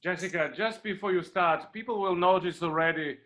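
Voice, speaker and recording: A man's voice: high voice, fairly quick, a bit bright. A man hosting an online class over a video call. He welcomes everyone, leads a prayer, and often repeats phrases with many fillers. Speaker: online event host. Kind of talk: welcoming host with an opening prayer.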